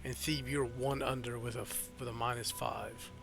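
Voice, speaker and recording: A man's voice: medium pitch, flat delivery, normal speed, gravelly, music in the background. A man narrating as game master of a tabletop game, rambling with fillers and restarts.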